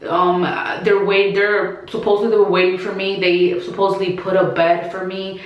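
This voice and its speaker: With a mid-range voice, level tone and moderate pace, a woman vlogs a personal story for her followers, and the sound is lo-fi. She's chatty, filler-heavy, restarting often and acting out quotes, in a very echoey room.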